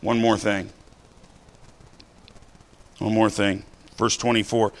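A man preaching a sermon, talking to the congregation in a casual way, with many "right?" and "you know" asides and shouts for emphasis. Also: lowish voice, flat delivery, slow pace, long pauses. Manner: conversational, rising to shouts of emphasis.

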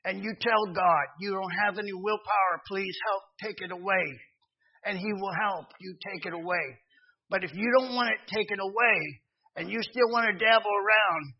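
A middle-aged man preaching a sermon, telling a personal testimony and swinging from hushed to loud. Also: high-pitched, husky. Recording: dull lo-fi sound.

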